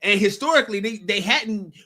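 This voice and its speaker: His voice is high-pitched, bright and pushed, with lively intonation. As a co-host on a casual sports podcast, he makes his points haltingly, frequently breaking off and starting his sentences over.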